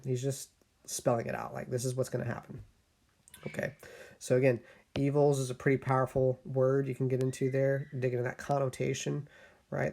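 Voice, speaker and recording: A man's voice: mid-range voice, creaky, warm tone. A man teaching a recorded lesson in a casual, explanatory way, often checking in with his listeners.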